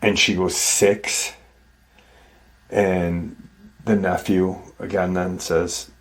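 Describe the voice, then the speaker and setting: A man's voice: low voice, flat delivery, very slow, pauses often. A man hosting a show, casually retelling someone's frightening encounter in a conversational way, acting out the quoted dialogue and filling in with "like" and "you know". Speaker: host retelling a viewer's encounter. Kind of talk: casual spoken retelling of a paranormal account.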